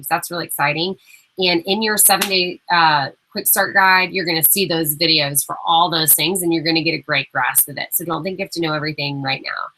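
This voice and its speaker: A woman's voice: sits low, sharp tone, poor audio. A young woman coach giving new team members a casual, encouraging welcome talk, chatty and full of fillers.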